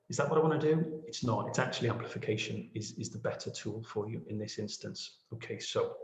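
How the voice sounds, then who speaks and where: A man running a webinar tutorial on podcast editing, chatty and self-deprecating, often checking in with the audience. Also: mid-range voice. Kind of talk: screen-share webinar tutorial. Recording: echoey room.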